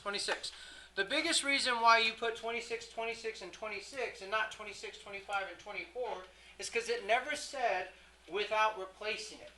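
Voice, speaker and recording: A math teacher works through a lesson in a classroom. The voice is strikingly bright and crisp, sitting at a middling pitch. The teacher keeps checking in with the students, throws questions to them and fixes their own slips on the fly. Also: normal speed, slight background noise, low-quality recording. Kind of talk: classroom lecture.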